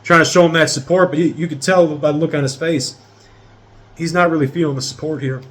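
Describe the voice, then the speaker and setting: A man's voice: on the high side, steady tone, brisk, fairly bright tone. A man in his thirties giving a casual tarot reading straight to his viewers in a rambling, profane way. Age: 30s. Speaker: tarot reader.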